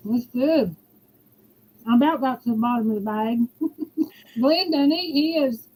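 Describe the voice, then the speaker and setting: A woman's voice: sits high, takes it slowly, mellow, low-quality recording. A woman, giggling and chatting easily on a video call. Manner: giggly, easygoing. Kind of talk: casual chat on a video call.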